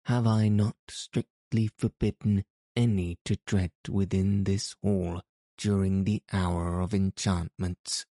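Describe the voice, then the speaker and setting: A man's voice: low voice, little pitch movement, takes it slowly, warm tone, no echo, clean studio sound. A man voicing a menacing male wizard who speaks in a stern, commanding way. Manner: commanding and imperious.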